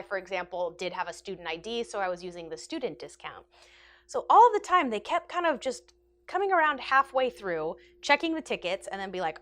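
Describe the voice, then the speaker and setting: A woman vlogger telling a casual storytime to her viewers. She is animated and self-mocking, and she laughs often. Her pitch sits in the middle.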